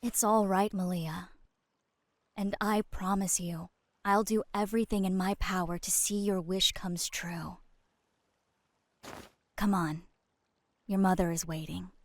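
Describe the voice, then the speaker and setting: A woman voicing a soft-spoken healer. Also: mid-range voice, fairly even intonation, measured pace, long pauses, natural voice. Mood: gentle. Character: gentle, composed adult woman healer. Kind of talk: game voice acting.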